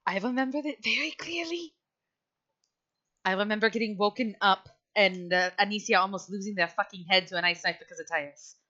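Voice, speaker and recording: A woman's voice: mid-range voice, steady tone, fast, hardly any pauses, bright, forceful tone, highs cut off. A woman running a tabletop game as game master, narrating casually, laughing and swearing freely.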